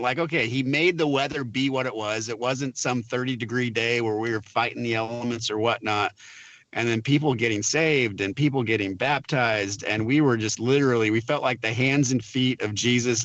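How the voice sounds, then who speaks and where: Bright-voiced man telling a story. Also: mid-range voice, muffled recording. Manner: animated storyteller, acts out quotes with laughs. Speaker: film producer guest. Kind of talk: casual interview storytelling.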